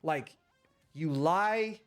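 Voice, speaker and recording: A man on a live stream, talking in a slightly high voice with lots of emphasis and plenty of swearing. He keeps circling back to the same points in loose, casual speech. Soft music plays faintly behind him. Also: drawn-out words. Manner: emphatic, profane, repeats points.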